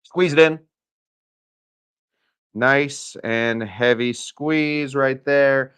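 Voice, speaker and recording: A man from Arizona talks viewers through a cocktail in a casual live stream. His speech rambles and is full of chatty fillers, and his voice sits in an ordinary middle pitch. He is speaking from a hotel room. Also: extremely slow, fairly bright tone, smooth. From Arizona, USA. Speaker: cocktail channel host.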